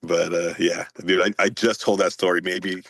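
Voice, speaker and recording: A man in his forties, a Marine veteran guest, telling war stories in a profane, animated, casual way. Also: deep voice, moderate pace, no room sound. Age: 40s. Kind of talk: casual chat.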